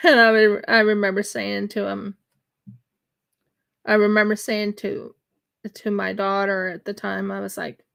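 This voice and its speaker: Slow-talking woman with a gravelly voice. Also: medium pitch, flat delivery, a bit bright. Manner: rambling, halting with many fillers and restarts. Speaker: craft livestream host. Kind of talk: casual chat while crocheting on a livestream. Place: home in winter.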